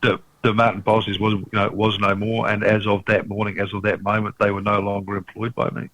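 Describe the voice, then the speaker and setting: A man's voice: on the low side, level tone, fairly quick, fairly bright tone, dry recording, low-quality recording. A New man, a restaurateur, telling his story in conversation with many restarts and a frequent "mate". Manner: emphatic, restarts often, says "mate". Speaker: restaurateur guest.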